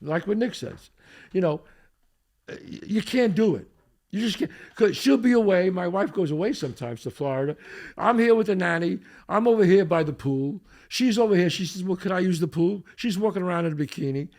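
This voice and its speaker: An older man with a high, brisk voice hosts a podcast, telling a story in casual chat. He's an animated storyteller who acts out what everyone said and laughs often.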